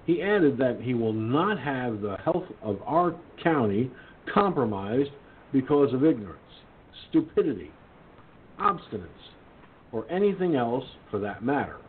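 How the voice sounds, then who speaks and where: A man's voice: medium pitch, sing-song, unhurried. A male internet radio host who reads news items aloud and then rants about them, indignant and swearing. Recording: tinny phone-line sound with faint hiss.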